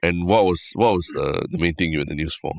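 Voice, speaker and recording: A man with a Singaporean accent hosting a casual podcast chat, relaxed, with many short agreeing replies. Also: low-pitched, quick pace, vocal fry, no room sound, studio quality. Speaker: podcast host.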